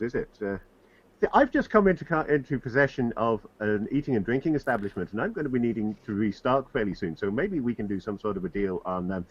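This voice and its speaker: A man's voice: medium pitch, a bit bright, husky. A man voicing a male tavern owner who haggles over damages and a bulk deal. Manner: wheedling, bargaining. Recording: dull lo-fi, faint noise.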